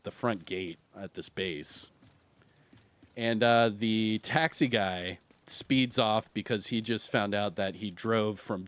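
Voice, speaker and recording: Rambling man streamer telling stories. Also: mid-range voice. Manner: rambling, animated storyteller who laughs and uses many fillers. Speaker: video game streamer. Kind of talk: casual storytelling while streaming.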